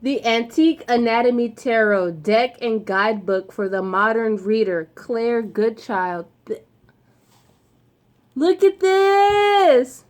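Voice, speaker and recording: Slow, gushing young woman unboxing gifts. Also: fairly high pitch. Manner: excitable, emotional, slangy and effusive. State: throat dry. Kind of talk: casual unboxing vlog.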